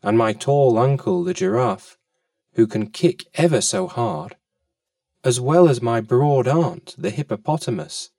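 Man voicing a young elephant calf, polite, curious, pleading, lively, slightly gravelly, storybook. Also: mid-range voice, measured pace, no echo, studio quality, recorded from a distance, pitched below the performer's own voice.

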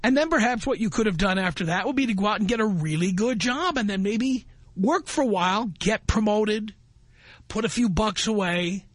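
A man's voice: high-pitched, expressive, normal speed, fairly bright tone, no room sound. A man hosting a talk radio show, reading a listener's message aloud and mocking it with sarcastic scolding.

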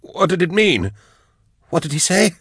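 A man's voice: sits low, huge pitch swings, fairly quick, a bit bright, husky, dry recording, clean studio sound, exaggerated voice. A man voicing a frightened, disoriented young man asking frantic, breathless questions. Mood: panicked.

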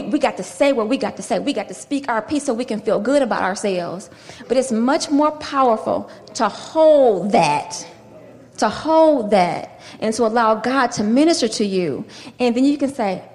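A woman pastor teaching a sermon with lively storytelling and acted-out dialogue. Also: on the high side, long reverb tail.

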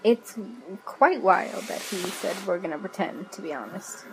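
A woman co-hosting a podcast, frank and wry, with a self-mocking edge. Her voice sits at an ordinary middle pitch. A faint hiss of ambience runs under the recording. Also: animated, unhurried, rough recording. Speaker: podcast co-host. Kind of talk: casual chat recapping a TV episode.

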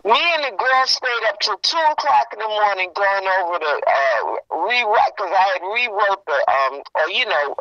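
A woman chatting casually with a friend, telling a story in an animated way and acting out what people said. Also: medium pitch, moderate pace, hardly any pauses, no echo. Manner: animated storytelling, acts out quoted exchanges. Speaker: friend in a phone chat. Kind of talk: casual gossip about a funeral. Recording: muffled lo-fi sound.

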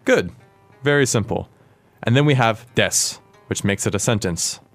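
A man with a fairly low voice hosts a language-lesson podcast. He explains each word in a clear, patient way and turns to his co-host with questions. Soft music plays faintly behind him. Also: animated, moderate pace, no room sound.

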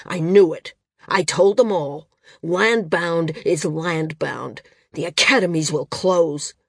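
A woman's voice: on the low side, slow pace, vocal fry, slightly rough, no room sound, clean studio sound, exaggerated voice. A woman voicing a small, arrogant male flyer who snaps and sneers, in an audiobook. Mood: sneering. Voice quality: snapping, sneering delivery.

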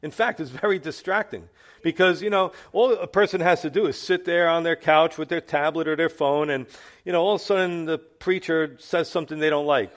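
A man preaching a sermon as a pastor, earnest, now and then acting out lazy churchgoers in quick asides. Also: on the high side, fairly bright tone.

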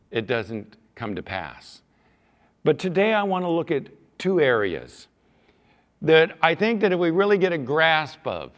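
A man preaching a sermon as pastor, earnest, building louder on scripture readings and dropping low at the ends of phrases. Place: church sanctuary. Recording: long hall reverb.

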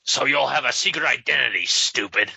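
A man doing a scornful gruff vigilante. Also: mid-range voice, fairly quick, pushed and bright, no room sound, heavily acted. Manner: curt and scornful. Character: gruff, contemptuous grown male vigilante. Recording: slightly dull lo-fi sound.

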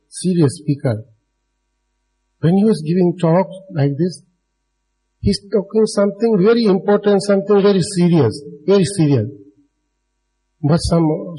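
A man with a slightly high, mellow voice and a breathy edge gives a dharma talk on poor audio. Speaking non-native, broken English, he addresses the live audience directly and often chuckles.

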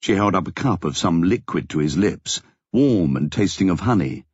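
A man reading a story aloud in a measured, steady storytelling manner. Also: deep voice, husky, dry recording, lo-fi sound. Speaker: audiobook narrator. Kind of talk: scripted narration.

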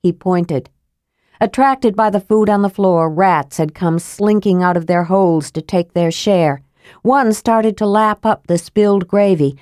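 A woman narrating a fantasy audiobook in a measured, steady storytelling manner. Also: medium pitch, dry recording, studio quality.

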